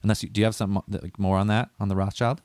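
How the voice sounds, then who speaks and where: A man's voice: on the low side, level tone, quick pace, darkish tone, no room sound. A man hosting a casual conspiracy podcast, rambling and swearing as he walks through what he read. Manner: rambling, profane, loses his notes. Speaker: podcast host.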